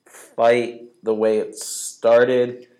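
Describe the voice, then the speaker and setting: A man's voice: mid-range voice, little pitch movement, drawn-out words, darkish tone. A man in casual chat, agreeing often and adding short comments. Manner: agreeable, chimes in with short yeses and laughs.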